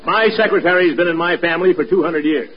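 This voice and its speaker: An actor playing a pompous, blustering neighbor in a 1940s radio comedy. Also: male voice, fairly high pitch, fast, highs cut off, lightly acted. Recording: hissy old radio with studio audience.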